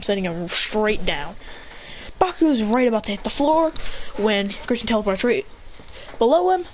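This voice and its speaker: A woman's voice: on the high side, slight background noise. A woman telling an improvised fan story in a rambling, self-correcting way, on a dull lo-fi recording.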